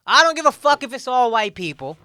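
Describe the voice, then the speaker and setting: Man with a very bright, smooth voice. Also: very high-pitched, big pitch swings, brisk, dry recording, clean studio sound. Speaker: podcast co-host. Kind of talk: casual podcast banter.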